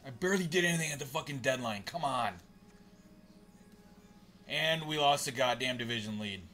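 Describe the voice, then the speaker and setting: Bright-voiced, cursing male streamer. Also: mid-range voice, normal speed, faint music behind. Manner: frustrated, profane, grumbling at the game. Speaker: live streamer. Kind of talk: live gameplay commentary.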